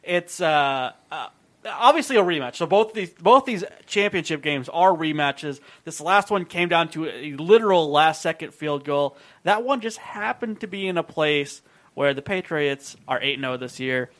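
A man co-hosting a sports podcast who keeps the chat wry and joking, with casual swearing. His voice sits high for a man. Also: lively intonation, normal speed, fairly bright tone. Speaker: podcast co-host.

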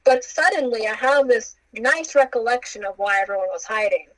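A woman's voice: on the high side, moderate pace, dry recording, low-quality recording. Playful young woman telling a story. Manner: animated, acts out quotes with playful asides and laughs. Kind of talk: casual storytelling chat.

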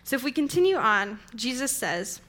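A woman's voice: fairly high pitch, sing-song, moderate pace, fairly bright tone. A young adult woman giving a sermon in a conversational, storytelling way. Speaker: preacher.

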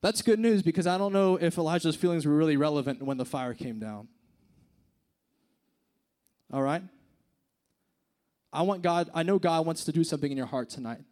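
A young youth speaker shares a personal story in an informal sermon at church, speaking earnestly and casually into a handheld microphone with plenty of "like" and "dude." His voice is a little high, expressive and darkish in tone, at a moderate pace with frequent pauses.

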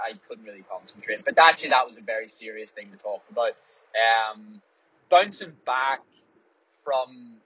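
A man's voice: mid-range voice, fairly bright tone, husky, dry recording. A man, a runner, talking candidly in a casual rambling monologue while driving a small car, swearing freely. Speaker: distance runner and podcast host. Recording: dull audio, faint road noise.

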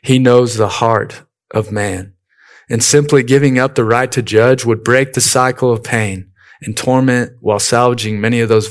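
A man preaching a sermon in a relaxed, conversational way, weaving in stories from his own life and often saying "you know". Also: fairly low pitch. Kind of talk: sermon with personal storytelling.

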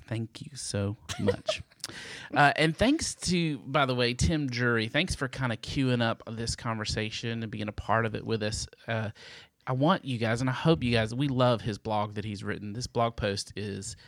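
A man's voice: medium pitch, normal speed, fairly bright tone, no room sound, clean studio sound. A man hosting a podcast, chatting upbeat and laughing often. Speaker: podcast host. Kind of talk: casual podcast chat.

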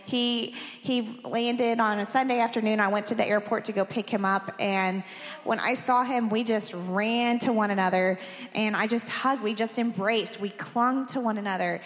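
A woman pastor in her thirties tells a candid, emotional personal story from the pulpit. Her voice sits at a middle pitch. A long reverb from a large hall trails after each phrase. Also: fairly even intonation, normal speed.

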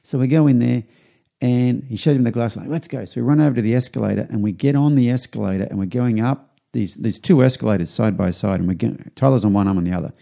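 A middle-aged man hosting a podcast, telling a rambling anecdote and acting out what people said in a higher voice. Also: fast, creaky, dark tone. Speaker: podcast host. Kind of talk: casual storytelling.

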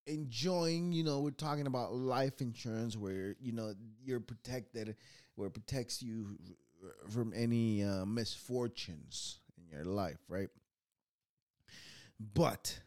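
Channel host, male, rambling profane monologue, lively sing-song delivery. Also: fairly low pitch. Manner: profane, rambling, animated swings in loudness. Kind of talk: casual ranting monologue.

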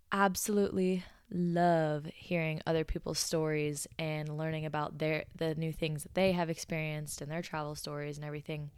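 A young American woman hosting a podcast, telling stories in a chatty, animated way and laughing along with them. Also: sits low, clean tone, dry recording, studio quality. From United States. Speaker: podcast host. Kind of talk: storytelling podcast.

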